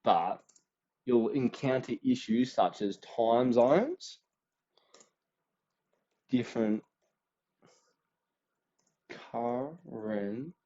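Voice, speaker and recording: A man's voice: medium pitch, very slow, pauses often, dark tone, dull audio. A young Australian man in his late teens giving a casual, slangy exam revision rundown, acting out little quoted voices as he goes.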